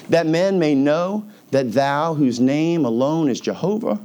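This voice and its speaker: A pastor preaching a sermon in a casual, conversational way, his voice sitting a little high for a man. He slows down to read scripture aloud and drops his voice low and soft when he speaks God's words.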